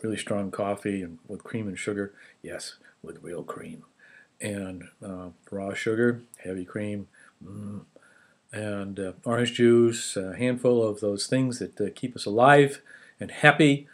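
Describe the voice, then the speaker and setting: A man's voice: lowish voice, fairly even intonation, measured pace. Guy at home showing his bbq food to the camera, rambly and chatty, eats as he talks. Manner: chatty, rambling, restarts, talks while chewing. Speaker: home cook vlogger. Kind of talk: casual food show-and-tell.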